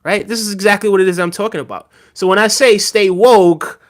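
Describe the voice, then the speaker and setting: A man's voice: sits high, fairly even intonation, a little fast. A man hosting a podcast livestream, talking casually and teasingly to his chat, often tagging on "right?" and chuckling. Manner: conversational, teasing, frequent "right?" asides, chuckling. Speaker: podcast host reading live chat.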